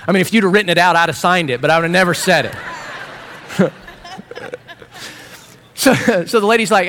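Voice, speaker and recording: A middle-aged man preaching a sermon as pastor, telling stories with animated, self-mocking humor. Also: high-pitched, normal speed, long pauses.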